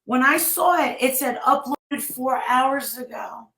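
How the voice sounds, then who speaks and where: Woman, high voice, emotional rambling livestream storyteller, echoey room. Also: pushed and bright. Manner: emotional, rushed, breaks off to scold her chat. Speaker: vlogger retelling a story.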